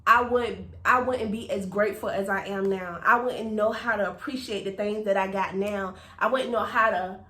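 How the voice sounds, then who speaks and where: A woman's voice: medium pitch, fairly even intonation, normal speed, hardly any pauses, a bit bright, roomy sound. A woman giving a personal faith testimony to her viewers in an emphatic, preachy way, repeating phrases and calling out to them as y'all. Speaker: faith vlogger.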